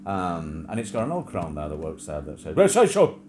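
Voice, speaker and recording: A man chatting casually on a live stream, rambling and joking, often mimicking people in a high shrill voice. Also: fairly quick, slight background noise. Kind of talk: casual chat.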